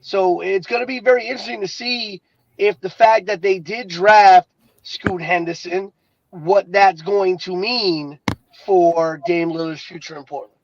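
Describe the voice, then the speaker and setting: A man co-hosting a sports talk show, laying out trade rumors in a measured, explanatory way. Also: high-pitched, steady tone, highs cut off. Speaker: podcast co-host. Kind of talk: casual sports chat.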